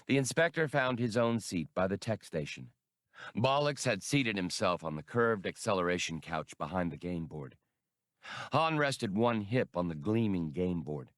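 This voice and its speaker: A man narrating an audiobook in a measured storytelling manner. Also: low-pitched, expressive, dry recording, clean studio sound. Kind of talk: scripted narration.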